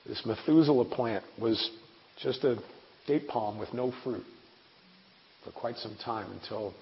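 Recorded in an echoing hall with flat, lo-fi audio and a faint hiss, a man in his forties who preaches and does missionary work delivers an earnest, chatty sermon with dry asides. He speaks at a measured pace, medium-pitched and with vocal fry.

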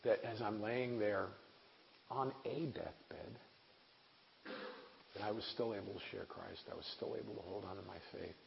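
Low gravelly preacher guy in his 40s, chatty and earnest, roomy hall sound. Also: steady tone, unhurried, pauses often. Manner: conversational, earnest preaching with wry asides. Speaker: preacher and missionary. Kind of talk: sermon. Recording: echoey hall, dull lo-fi sound, faint hiss.

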